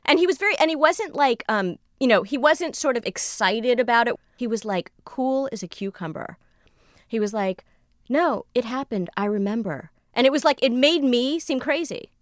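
A woman's voice: high voice, normal speed, no echo, clean studio sound. A woman recounting a personal story in conversation, acting out the lines of the people in it. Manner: animated, re-enacts dialogue. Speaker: storyteller guest.

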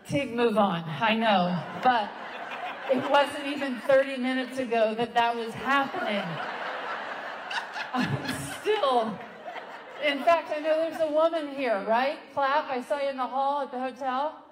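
A woman stand-up comedian telling a story live on a theater stage, in a halting, rambling, self-interrupting way. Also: high voice. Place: theater stage before a laughing audience. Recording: long hall reverb, loud crowd and noise.

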